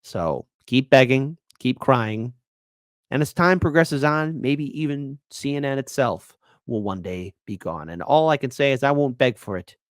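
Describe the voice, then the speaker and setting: A man hosting a political commentary show, sarcastic and taunting, his volume swinging from loud to quiet. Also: mid-range voice, lively intonation, unhurried, no echo.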